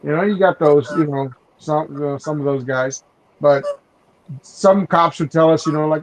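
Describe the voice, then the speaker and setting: A man's voice: a little high, normal speed. A man chatting casually on a podcast, telling rambling stories full of restarts and "you know.". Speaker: podcast host. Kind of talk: casual chat. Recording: dull lo-fi sound.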